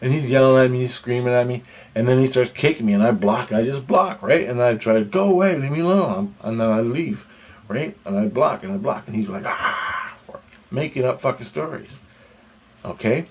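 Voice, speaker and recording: A man's voice: medium pitch, fairly quick, slight background noise. A young man in a casual monologue, recounting a dream with heavy cursing, rambling on and checking in with "right?" and "okay?". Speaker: vlogger.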